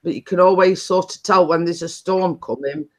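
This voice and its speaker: A woman's voice: on the low side, normal speed. A woman hosting a chatty live stream, telling stories in a rambling way with many restarts.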